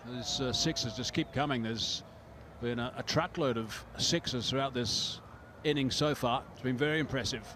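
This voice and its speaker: A man commentating live cricket in a relaxed, explanatory way, with frequent pauses and fillers. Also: mid-range voice, noisy background.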